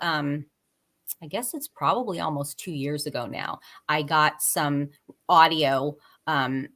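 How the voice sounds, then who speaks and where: Halting, lower-voiced woman guest. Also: pushed and bright. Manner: halting, with many fillers and restarts. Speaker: podcast guest. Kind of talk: casual conversation.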